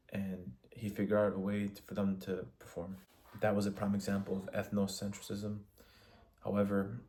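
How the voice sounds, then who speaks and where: A man giving a spoken film analysis for a class assignment, measured and in short phrases with restarts. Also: fairly low pitch, mellow. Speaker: student.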